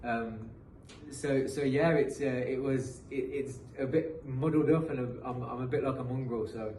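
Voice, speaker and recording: A man's voice: mid-range voice, fairly even intonation, normal speed, darkish tone, distant mic. A man in his thirties with a British accent that carries some American sounds. He tells his story in loose, rambling runs, restarting and repeating words. The room is echoey, he sits back from the mic, and there is faint noise behind him. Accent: British English, mixed with some American. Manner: rambling, repeats himself, frequent um and uh. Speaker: guest, professional footballer. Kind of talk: casual podcast storytelling.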